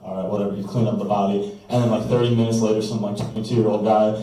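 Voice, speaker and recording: A man's voice: on the low side, level tone, fast talker, mellow. Young male comic, self-mocking rambler; recorded from afar in a very echoey room. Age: young adult. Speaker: stand-up comedian. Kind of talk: stand-up set. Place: college comedy club room. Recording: echoey room from a distance, noisy.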